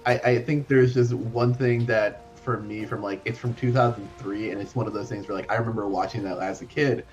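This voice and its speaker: A man's voice: lowish voice, steady tone, a little fast, muffled recording, soft background music. A man co-hosting a casual gaming stream, chatting and telling stories in an easy, loose way. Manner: chatty, nostalgic storytelling. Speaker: stream co-host.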